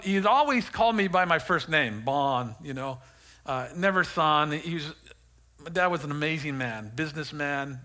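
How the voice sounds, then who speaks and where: A man's voice: fairly high pitch, bright, forceful tone. A middle-aged male pastor preaching a sermon and telling a personal testimony, earnest and emotional, often repeating and restarting his words.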